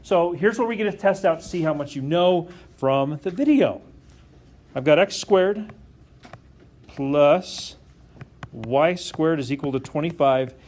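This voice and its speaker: A man's voice: on the high side, animated, a little slow, long pauses, a little mellow. A man teaching a calculus lesson to a class, often stopping to question the students and check that they follow. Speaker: math teacher.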